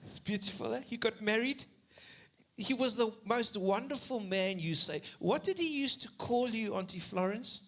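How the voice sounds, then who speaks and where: Pastor gently prompting a guest. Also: male voice, high voice, expressive, normal speed. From South Africa. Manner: prompting, retells her story back to her with repeated restarts. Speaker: pastor interviewing a church member. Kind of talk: sermon interview. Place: church stage.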